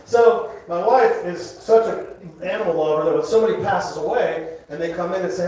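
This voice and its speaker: A man's voice: high-pitched, normal speed, distant mic. A man doing a stand-up set in a comedy club, rambling and crude with self-mocking asides. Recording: echoey club recorded from afar.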